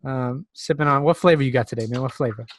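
A man's voice: medium pitch, fast. A man from South Carolina co-hosting a podcast in a playful, slangy, hyped-up way. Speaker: podcast co-host. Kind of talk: casual chat.

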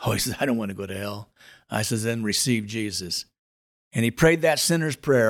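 A man's voice: fairly low pitch, brisk. Earnest storytelling pastor, a man. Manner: earnest, dramatic storyteller with building emphasis. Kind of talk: spoken testimony storytelling.

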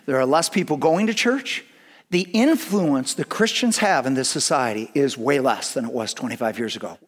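A pastor preaching a sermon with earnest delivery that swings between hushed, quiet passages and emphatic declarations. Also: male voice, medium pitch, animated, normal speed.

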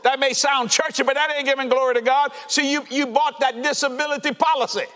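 A man preaching a fervent sermon to a congregation, shouting and laughing as he goes. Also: very high voice, steady tone, a little fast. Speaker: pastor. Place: church sanctuary. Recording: reverberant church hall.

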